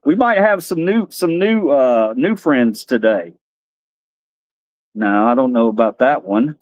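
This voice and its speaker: A male streamer chatting loosely with viewers, joking and laughing at his own antics. His voice moves a lot in pitch, and the sound is dry and close to the mic. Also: animated, measured pace, a little mellow, no room sound, dull audio. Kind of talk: casual live-stream chat.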